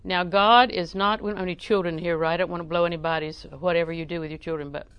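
A middle-aged woman preaching a sermon in a folksy, humorous way, often chuckling and breaking into loud acted exclamations. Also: on the low side, fairly even intonation, quick pace, clear, resonant tone, dry recording, muffled recording.

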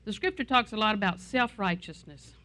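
A woman's voice: medium pitch, lively intonation, a little fast, bright, forceful tone. A middle-aged woman pastor preaching a sermon in a conversational way, with asides and anecdotes.

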